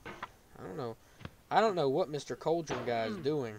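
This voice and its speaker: A man playing a game on a video, commenting as he goes and yelling in frustration when he falls. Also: mid-range voice, animated, moderate pace, background noise. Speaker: gaming YouTuber.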